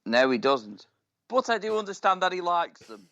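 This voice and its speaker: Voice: medium pitch, very animated, normal speed, a bit bright. A podcast co-host in casual chat, teasing and jokey, drawing words out. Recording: dull lo-fi mic.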